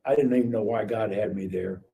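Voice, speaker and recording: A man's voice: lowish voice, brisk, creaky. Older man telling his story. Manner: animated storyteller acting out dialogue. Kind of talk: casual testimony storytelling. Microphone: live stream call mic. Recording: distant mic with faint noise.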